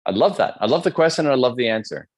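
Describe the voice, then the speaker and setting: A man giving a live-streamed motivational talk, joking and conversational, checking in with his audience with quick questions. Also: mid-range voice, lively intonation, a little mellow. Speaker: motivational speaker.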